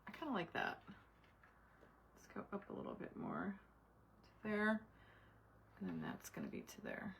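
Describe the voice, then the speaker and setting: A woman's voice: medium pitch, wildly swooping pitch, normal speed, vocal fry, long pauses, slight background noise. A middle-aged woman hosting a craft livestream, chatting with viewers by name while she works and muttering to herself as she concentrates. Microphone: camera mic at desk.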